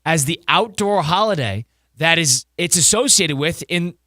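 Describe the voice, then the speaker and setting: A man's voice: on the high side, normal speed, no room sound, clean studio sound. A man from the Northeast US co-hosting a sports radio show, chatting and reading a live ad with lots of energy. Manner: energetic, talkative, jokey. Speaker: radio co-host. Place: radio studio. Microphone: studio mic.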